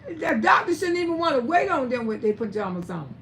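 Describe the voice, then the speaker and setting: A woman's voice: high voice, very animated, a little fast, fairly bright tone, slight background noise. An older woman hosting a live stream, giving blunt, scolding commentary and swearing freely. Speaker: livestream host.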